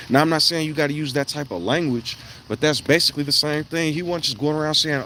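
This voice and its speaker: A man, talking in a rambling, blunt monologue that swings into loud, emphatic bursts. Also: on the high side, fast, hardly any pauses, slight background noise. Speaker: vlogger. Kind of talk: casual monologue on an evening walk. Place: outdoors at night.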